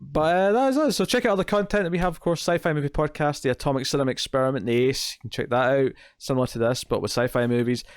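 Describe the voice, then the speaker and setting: A man's voice: mid-range voice, fast, hardly any pauses, clean tone, no room sound. Man, podcast host, casual rambling chat, dry close sound. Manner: rambling, filler-heavy, jokey.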